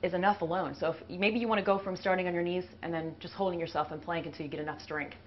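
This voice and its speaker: A lower-voiced woman coaches through a push-up demonstration, panting and out of breath while she exercises. The recording is dull and lo-fi, with a faint hiss behind her. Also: steady tone, fast. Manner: talks while doing push-ups. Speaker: fitness instructor. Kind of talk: casual workout demonstration.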